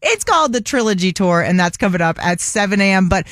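A woman's voice: mid-range voice, big pitch swings, fast, fairly bright tone, dry recording, studio quality. A woman from Florida co-hosting a morning radio show, chatting casually and filling her talk with "like". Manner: chatty, lots of "like" fillers.

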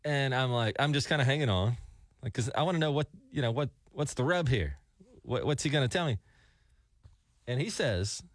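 A man's voice: mid-range voice, dry recording, studio quality. A man from Alabama hosting a morning radio show, chatty and telling stories. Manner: chatty storyteller, animated. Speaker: radio host.

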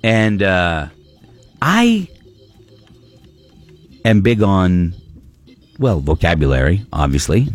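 A man hosting a casual talk show, ranting in an exasperated way. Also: fairly low pitch. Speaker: radio show host. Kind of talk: casual chat.

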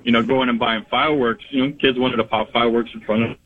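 A man's voice: medium pitch, fairly even intonation, fast, breathy edge. A man calling in to a radio show, telling a story in a rambling way with lots of "uh" and "you know". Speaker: radio caller. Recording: tinny phone line.

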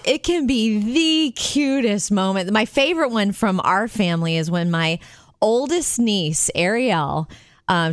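A woman co-hosting a radio show in casual chat, telling stories in an animated way and laughing often. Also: mid-range voice, no echo, studio quality. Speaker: radio co-host.

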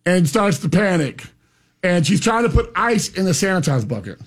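This man has a husky, high-set voice that swings widely in pitch. He hosts a talk show and tells stories loudly, with lots of excitable energy. His delivery is casual and animated. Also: normal speed. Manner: loud, excitable. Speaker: radio show host. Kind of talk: casual chat, animated storytelling.

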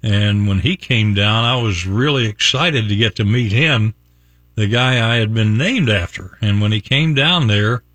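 Through a studio microphone with a dry sound, a Virginia-born older radio host chats through a meandering story on his morning show, laughing frequently along the way. His pitch is fairly low and his tone fairly bright.

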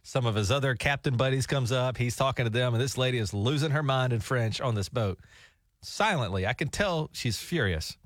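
A man's voice: mid-range voice, fairly quick, no echo, clean studio sound. A man on a talk show, telling a rambling, jokey travel story with laughs. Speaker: radio show co-host. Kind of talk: casual storytelling chat.

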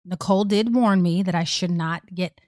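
A woman's voice: lowish voice, normal speed, darkish tone, dry recording, clean studio sound. A woman co-hosting a podcast, telling a personal story in an earnest, emphatic way. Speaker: podcast co-host. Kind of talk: casual podcast chat.

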